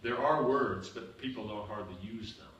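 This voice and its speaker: A man's voice: fairly low pitch, moderate pace, a bit bright, muffled recording. A man teaching a seminar and answering questions, explaining with repeated examples and often asking "you understand?". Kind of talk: seminar Q&A lecture. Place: seminar room. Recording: echoey room, far from the mic, faint noise.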